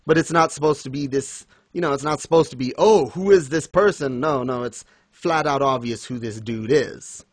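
A man casually chatting as co-host, animated and quick to laugh, acting out lines he retells. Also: medium pitch, dry recording, clean studio sound. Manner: animated, laughs often, acts out quotes. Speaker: podcast co-host. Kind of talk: casual fan discussion.

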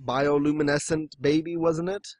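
Male podcast host, raised pitch, dry close mic, easygoing and jokey. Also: fairly even intonation, normal speed, darkish tone, no room sound. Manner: chatty, jokey, breaks into quoted voices. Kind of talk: casual chat.

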